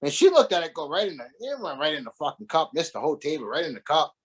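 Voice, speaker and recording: A man's voice: on the high side, fast, slightly rough. A man spinning a rowdy anecdote, his voice leaping up and down as he gets worked up. He swears freely and laughs through the telling, in a loose, conversational interview. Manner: animated, profane, laughing storyteller. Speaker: guest, former wrestler. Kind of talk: casual storytelling interview.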